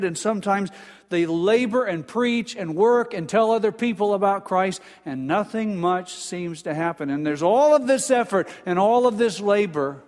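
An older male pastor delivers a sermon through a pulpit mic. His voice sits a bit higher than most men's, and he talks earnestly, stumbling and repeating words as he presses his point. A long reverb from the sanctuary trails each phrase. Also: darkish tone. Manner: earnest, stammers and repeats words, builds emphasis. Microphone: pulpit microphone.

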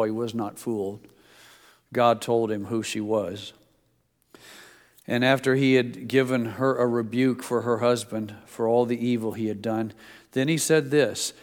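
A middle-aged male pastor giving a sermon, with folksy stories in a conversational preaching manner. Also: mid-range voice. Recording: long reverb of a church hall.

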